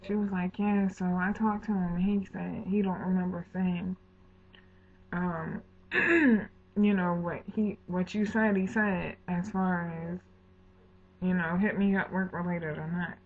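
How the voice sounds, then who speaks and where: A woman vlogger, her voice lowish and a little slow, indignantly relives a true story with slang, swearing, and performed quotes from the exchange. It sounds tinny, like a phone recording.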